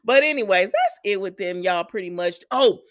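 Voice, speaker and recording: A woman's voice: medium pitch, expressive, fairly quick, dry recording, studio quality. A woman recapping a soap opera in a chatty vlog, talking straight to her viewers. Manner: chatty, addresses viewers directly. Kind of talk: casual chat.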